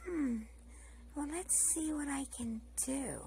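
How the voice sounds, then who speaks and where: A gentle rainbow snake from a children's puppet story, talking in a high, slow, hesitant way with thoughtful hums, as a woman puts her on. Her voice has a gravelly edge. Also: slight background noise, exaggerated voice, low-quality recording. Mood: unsure.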